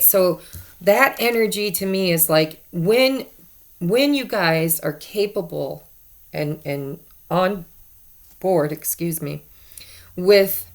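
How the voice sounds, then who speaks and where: A woman giving a casual tarot card reading to her viewers, chatty and repeating herself for emphasis. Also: on the low side. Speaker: tarot reader.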